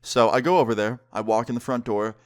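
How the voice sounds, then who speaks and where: Young guy vlogger, mid-pitched, relaxed chatty storytime delivery. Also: fast. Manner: casual, animated storytelling with filler words. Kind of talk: storytime vlog.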